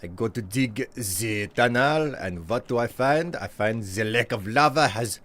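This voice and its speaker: A theatrical chef with a grand, formal way of declaiming, as a man puts him on. His voice sits low and unhurried, and each line comes as a slow, stately proclamation. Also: expressive, creaky, fairly bright tone, heavily acted. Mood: dramatic. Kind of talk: live-stream role-play voice.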